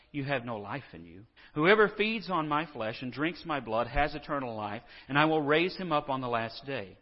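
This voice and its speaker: A male pastor preaching a conversational, earnest sermon and reading scripture in a church. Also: fairly high pitch. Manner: conversational and earnest, with restarts and asides. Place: church sanctuary. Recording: dull lo-fi sound with long hall reverb.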